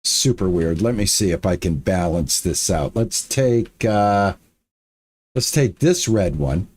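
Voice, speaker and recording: Slow-talking man muttering through a game. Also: sits low, expressive, a little mellow, breathy edge. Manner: talks to himself while building, frustrated muttering and repeats. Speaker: gaming streamer. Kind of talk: casual let's-play commentary.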